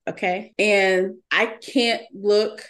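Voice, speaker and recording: A woman's voice: medium pitch, steady tone, drawn-out words, fairly bright tone. A woman co-hosting a podcast, speaking candidly and bluntly in casual chat, with jokes along the way. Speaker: podcast co-host.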